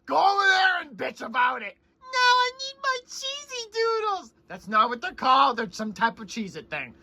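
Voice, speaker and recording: A woman's voice: high-pitched, huge pitch swings, moderate pace, sharp tone, a little hiss or hum, exaggerated voice. A woman voicing a shrieky, childish comedy character who whines and panics about snacks and gadgets. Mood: frantic whiny. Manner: screeching, whiny, panicky outbursts.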